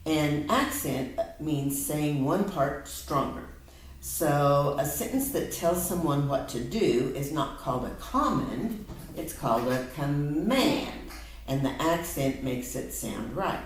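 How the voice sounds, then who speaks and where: A woman with a low voice calmly tutors phonics, walking a learner through each point with patience. She sounds distant from a laptop on the table, in a strongly echoing room with a faint hiss behind her. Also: unhurried. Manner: patient, explains step by step. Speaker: reading and spelling tutor. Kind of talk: one-on-one phonics lesson. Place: room with a whiteboard. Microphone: laptop camera on a table. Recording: very echoey room, from far off.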